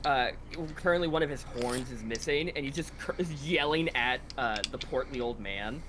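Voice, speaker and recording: A man narrating a tabletop game as game master, halting with frequent fillers. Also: medium pitch, noisy background.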